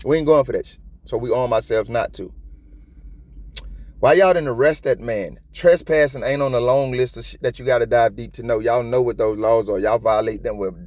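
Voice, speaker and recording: A man giving casual, profane commentary on a police video in streetwise slang, animated and talkative. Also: medium pitch, normal speed. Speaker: copwatch commentator.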